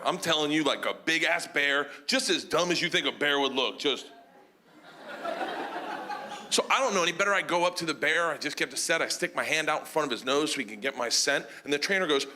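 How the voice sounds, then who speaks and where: A man doing stand-up comedy, telling a long story in a loud, animated way and bursting into shouted voices. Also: a little high, a little fast, noisy background. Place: comedy stage before a laughing audience.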